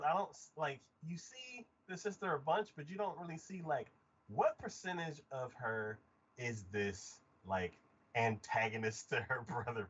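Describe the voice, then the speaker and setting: Animated man with a husky voice. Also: on the high side. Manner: animated, acts out scenes with exaggerated voices; many fillers like "like". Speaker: podcast co-host. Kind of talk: casual anime discussion. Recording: dull lo-fi podcast audio.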